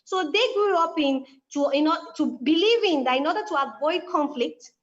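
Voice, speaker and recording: Woman, high voice, animated storytelling, quoted dialogue, dull lo-fi recording. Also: moderate pace. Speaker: guest speaker. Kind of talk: conversational explanation. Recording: dull lo-fi sound.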